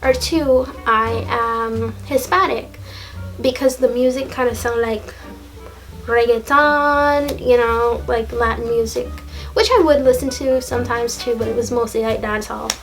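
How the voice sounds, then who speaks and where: A woman in her late twenties telling a story in a casual, animated, laughing way, full of slang. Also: fairly high pitch, unhurried, soft background music, low-quality recording. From Jamaica. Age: late 20s. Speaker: vlogger.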